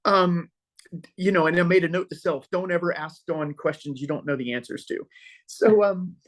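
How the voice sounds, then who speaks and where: A middle-aged man, a pastor guest on a podcast, telling stories casually and acting out quoted dialogue with many filler pauses. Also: fairly high pitch. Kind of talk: casual storytelling conversation.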